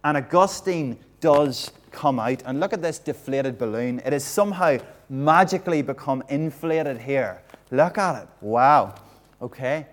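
A man's voice: medium pitch, a little slow. A man preaching an all-age sermon in a church, acting out the story and quizzing the congregation.

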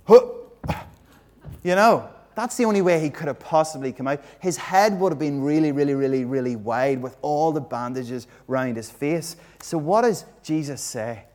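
A man's voice: fairly high pitch, normal speed, few pauses, a little mellow. A man preaching an all-age sermon in a church, acting out the story and quizzing the congregation.

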